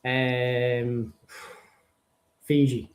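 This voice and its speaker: A man's voice: mid-range voice, little pitch movement, drawn-out words. A man on a podcast panel over a video call, giving short, hesitant answers. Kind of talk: casual panel chat.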